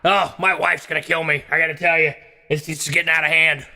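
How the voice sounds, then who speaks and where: A man's voice: fairly high pitch, level tone, a little fast, vocal fry, bright, forceful tone, slight background noise, heavily acted. A man voicing a blustering Texan talk-show host who rambles with many fillers, in an echoey hall. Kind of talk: comedy sketch role-play.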